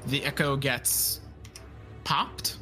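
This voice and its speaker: A man's voice: medium pitch, fairly even intonation, very slow, sharp tone, soft background music. A man narrating and running a tabletop role-playing game as game master, describing combat. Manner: describes combat, voices enemies.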